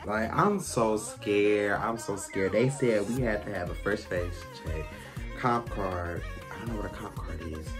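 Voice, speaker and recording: A young man, talking casually to his viewers in a vlog from a car, excitable and swearing freely. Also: on the low side. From Michigan. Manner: chatty, excitable, keeps addressing viewers as y'all, swears freely. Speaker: vlogger and stylist.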